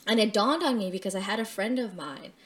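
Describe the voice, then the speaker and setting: Young woman, middle pitch, candid chatty co-host, laughs and swears often. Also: brisk, a bit bright. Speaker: lash tech and podcast co-host. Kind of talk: casual chat.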